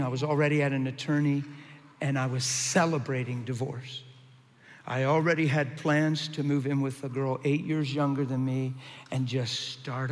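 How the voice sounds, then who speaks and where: A man preaching his testimony, moving between hushed and shouted lines with dramatic energy. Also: mid-range voice, in a large hall. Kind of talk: testimony sermon.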